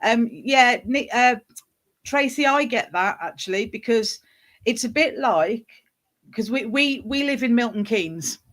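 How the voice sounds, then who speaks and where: A woman from the West Midlands with a faint Wolverhampton accent, chatting as a guest, talkative and quick to agree. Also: fairly high pitch, expressive, a bit bright. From West Midlands, England. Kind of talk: casual chat.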